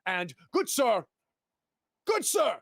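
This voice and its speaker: A man voicing a fussy adult male mail carrier who stammers and panics in a high, strained voice. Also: wildly swooping pitch, slow, creaky, dry recording, clean studio sound, heavily acted. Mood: pleading. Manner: stammering, panicky, pleading, prim.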